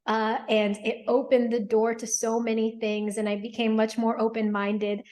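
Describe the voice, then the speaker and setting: A woman's voice: on the high side, flat delivery, normal speed, darkish tone. A woman in her thirties, an attorney and hypnotherapist, earnestly telling her personal story in a thoughtful, reflective interview. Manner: earnest, thoughtful, with frequent ums and quoted inner thoughts.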